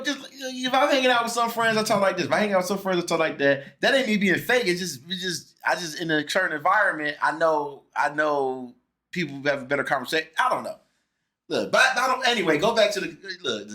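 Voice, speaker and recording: A man hosting a casual podcast chat, talking in an animated way, often restarting and repeating his words. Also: high voice, fast talker. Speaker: podcast host.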